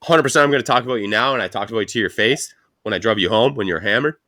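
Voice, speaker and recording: A man's voice: on the low side, racing, sharp tone. A man co-hosting a casual podcast chat, telling stories and acting out what his coworkers said, swearing often. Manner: storytelling, acts out quoted coworkers, profane. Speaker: podcast co-host.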